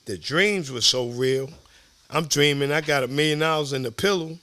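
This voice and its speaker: A middle-aged man from Southside Jamaica Queens with a New York accent, telling stories as a podcast guest in an animated, profane way. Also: fairly high pitch, normal speed, dry recording. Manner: animated, profane, acts out quoted voices. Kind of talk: casual storytelling.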